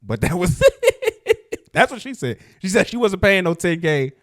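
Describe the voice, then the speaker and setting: Animated, slangy male podcast host. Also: high-pitched, a little slow. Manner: storytelling, laughs often, slangy. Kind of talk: casual gossip chat.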